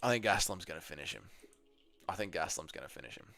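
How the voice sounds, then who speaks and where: A man's voice: low voice, expressive, racing, creaky, bright, forceful tone. A man hosting a livestream, reading out viewer comments and answering with crude, joking banter. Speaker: livestream host.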